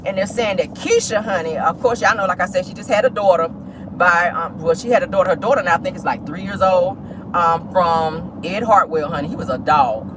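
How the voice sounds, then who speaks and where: A woman's voice: on the low side, fairly quick, background noise. A woman vlogger chatting sassily about celebrity gossip from her car, calling listeners "honey" often. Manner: sassy, animated, says "honey" often. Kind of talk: casual celebrity gossip chat.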